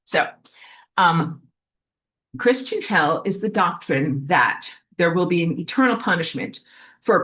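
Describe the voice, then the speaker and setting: Woman, lower voice, chatty rambling spiritual teacher, speaking from home with heavy fillers. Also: a bit bright. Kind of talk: casual spiritual talk to viewers. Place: indoors at home, in an apartment.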